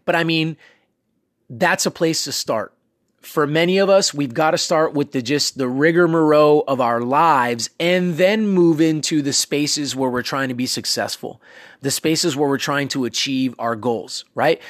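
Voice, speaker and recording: A man's voice: a little high, normal speed, no room sound, clean studio sound. A man hosting a casual motivational talk, coaching listeners in a conversational way with many fillers and asides. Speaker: self-improvement podcast host.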